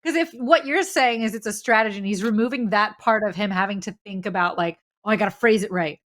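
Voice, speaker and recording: A woman's voice: medium pitch, fast, fairly bright tone. A woman co-hosting a chat show, making dry, wry remarks in casual banter. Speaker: co-host.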